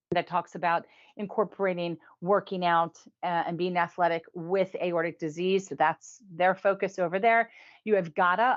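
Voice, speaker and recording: A woman hosting a casual weekly review show. She talks in a chatty way, laughs often and drops in quick asides. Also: lowish voice, muffled recording. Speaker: host.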